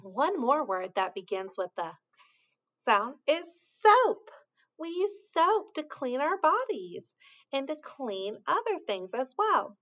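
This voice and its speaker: A woman's voice: high voice, sing-song, takes it slowly, fairly bright tone, muffled recording. A woman teaching a sound to young children in a patient, encouraging way, with sing-song praise and carefully spelled-out sounds.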